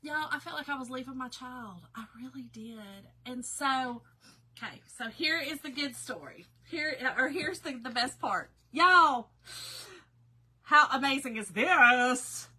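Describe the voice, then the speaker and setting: A woman's voice: sits high, animated, a little slow, sharp tone, breathy edge, rough recording. A woman chatting casually to her viewers, emotional and talkative as she tells a personal story. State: tearful at times. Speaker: craft seller and storyteller.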